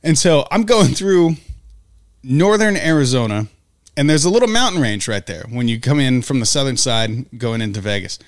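A man's voice: medium pitch, expressive. A man co-hosting a podcast, teasing and swearing in casual banter, then telling a road story. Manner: teasing, profane, quick to laugh. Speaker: podcast co-host; former long-haul driver.

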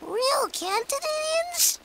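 A woman's voice: very high-pitched, big pitch swings, drawn-out words, very noisy, exaggerated voice. An actress voicing a curious, imaginative little boy who talks in a whiny, wide-eyed way.

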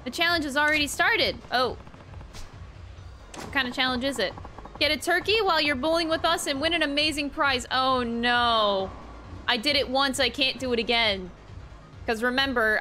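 A high-pitched woman with a bright, sharp voice streams a video game. She talks casually and excitably to her chat, reacting loudly to whatever happens on screen. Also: normal speed, soft background music. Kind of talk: casual gameplay commentary.

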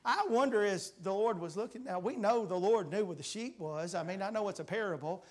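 High-voiced fervent preacher man. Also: brisk. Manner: fervent, rising to shouts when pleading; reads scripture aloud in King James wording. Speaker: guest preacher. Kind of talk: revival preaching. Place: church sanctuary.

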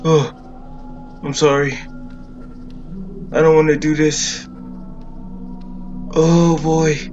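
A man's voice: a little high, flat delivery, extremely slow, darkish tone, lo-fi sound, faint music behind. A man giving casual let's-play commentary on a horror game, jittery and repeating himself over and over. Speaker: gaming video creator.

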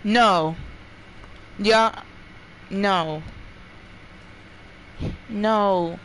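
A gaming streamer giving live commentary while playing, jumpy, often yelling and laughing and talking to the chat. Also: medium pitch, very slow, slight background noise, rough recording.

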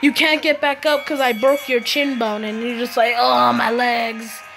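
Playing a phone game with music in the background, a woman with a high-sitting voice comments casually at a moderate pace, playfully trash-talking and laughing at her opponents. It's captured with a phone screen recorder.

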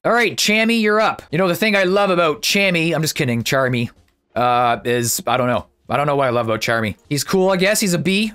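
A man giving casual, excitable gameplay commentary as a YouTuber, chatty and thinking out loud. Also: on the high side.

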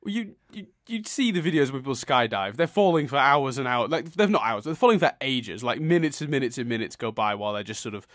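A man's voice: medium pitch, lively intonation, fairly quick, few pauses, fairly bright tone, no echo, clean studio sound. A man hosting a casual podcast, arguing his point eagerly and repeating words as he builds it. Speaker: podcast host.

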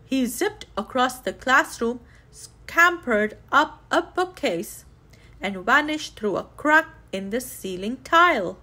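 A woman reading a children's book aloud, bringing the characters' lines to life with excitement. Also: high voice, slow pace. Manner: lively, voices characters' lines with raised excitement. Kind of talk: read-aloud storytelling.

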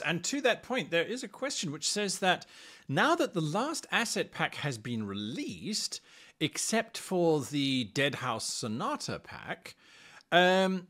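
A man hosting a live stream, chatting casually and animatedly about product updates and reading viewer questions. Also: sits high. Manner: chatty, animated, swings between loud and quiet. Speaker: livestream host.

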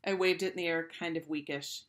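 A woman teacher reading a children's storybook aloud with expressive first-person storytelling. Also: deep voice, fairly quick.

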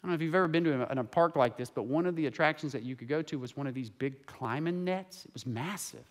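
A man preaching a sermon as pastor in a church sanctuary, swinging between hushed and loud. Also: a little high, fast talker.

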